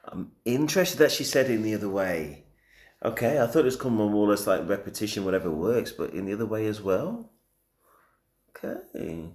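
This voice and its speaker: A man comments casually on a clip, amused and thinking out loud. His voice is low, yet it moves up and down a great deal. The room around him is echoey. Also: big pitch swings, moderate pace. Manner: chatty and amused, musing aloud. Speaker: reaction video host.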